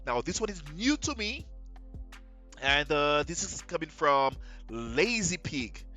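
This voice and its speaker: A man's voice: fairly high pitch, very animated, slow, sharp tone, faint music behind. A man hosting a reaction video, chatting casually and speaking straight to viewers. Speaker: reaction channel host.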